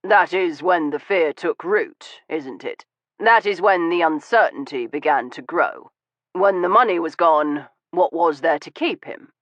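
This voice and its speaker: A woman voicing a calm, wry Victorian gentleman who speaks in a steady, conversational, probing way. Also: sits low, a little slow, no echo, muffled recording. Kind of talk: audiobook reading.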